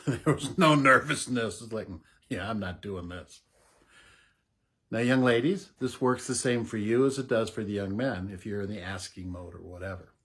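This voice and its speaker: A middle-aged man giving unhurried, casual advice to camera as a voice coach, explaining with soft laughs. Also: mid-range voice, husky.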